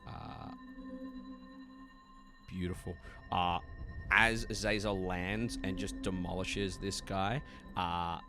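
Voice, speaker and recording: A man narrating as game master in a one-on-one tabletop game, relaxed and filling pauses with frequent "uh" sounds. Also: deep voice, over music. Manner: relaxed, many "uh" fillers, quick laughs.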